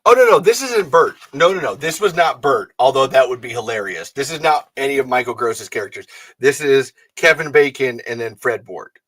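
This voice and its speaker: A man hosting a fan show in loose, rambling chat. His voice is bright and forceful, his delivery excitable and full of swearing. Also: mid-range voice. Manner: excitable, profane, rambling, quick to laugh. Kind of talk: casual chat.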